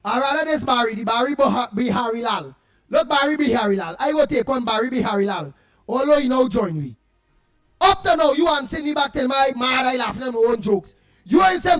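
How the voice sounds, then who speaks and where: A Trinidadian man hosting a casual morning talk show, telling jokes in an animated way and greeting listeners by name. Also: very high voice, fairly quick. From Trinidad and Tobago. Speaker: radio show host.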